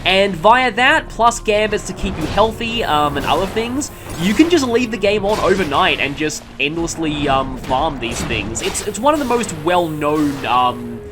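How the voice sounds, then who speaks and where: A man talks through a game session in a loose, rambling way, full of ums and second thoughts. His pitch swings up and down with lively energy. Soft game music plays faintly behind him. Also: normal speed, few pauses. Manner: rambling, with many ums and mid-sentence self-corrections. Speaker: let's play commentator. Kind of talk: casual gameplay commentary.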